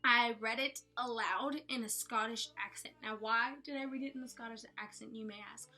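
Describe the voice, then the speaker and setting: A woman's voice: on the high side, fairly even intonation, normal speed, sharp tone. A woman giving a casual, chatty book review at home. She rambles playfully and corrects herself as she goes. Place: room at home with bookshelves. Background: faint background music.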